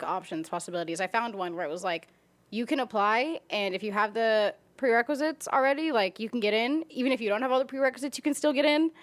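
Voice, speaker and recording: A woman in her twenties, a podcast guest, chatting casually and telling stories with frequent giggles. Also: mid-range voice. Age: 20s. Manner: giggly, animated storytelling. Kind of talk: casual chat.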